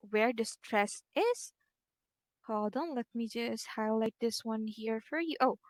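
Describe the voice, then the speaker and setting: A woman's voice: high voice, a bit bright, dry recording. A woman with a Filipino accent teaching a one-on-one online English lesson, speaking patiently and drawing out her words with frequent okays.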